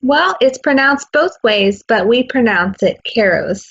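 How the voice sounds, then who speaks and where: A woman being interviewed as an advocate, answering in an earnest, steady way. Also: sits high, measured pace, husky. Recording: slightly muffled audio.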